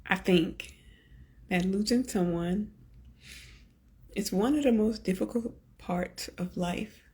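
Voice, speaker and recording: Slow, earnest woman hosting a podcast. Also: mid-range voice. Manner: earnest, gently coaching, speaks in slow deliberate phrases. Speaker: podcast host. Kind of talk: reflective solo podcast talk.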